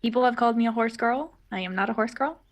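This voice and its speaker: A woman's voice: fairly high pitch, fast. A woman player introducing herself in casual chat, rambling with many fillers and giggles, on a home microphone over a video call.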